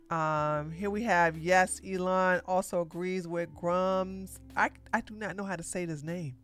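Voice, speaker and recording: Woman, political livestream host, sarcastic, blunt, slow delivery, smooth clear voice. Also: lowish voice, a bit bright. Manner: sarcastic, blunt, talks to chat. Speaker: podcast host.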